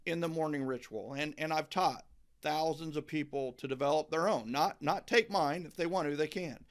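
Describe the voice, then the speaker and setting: A man's voice: on the high side, normal speed. A middle-aged man hosting a podcast interview, talking emphatically and often repeating words as he starts a thought. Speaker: podcast host. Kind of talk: enthusiastic interview chat.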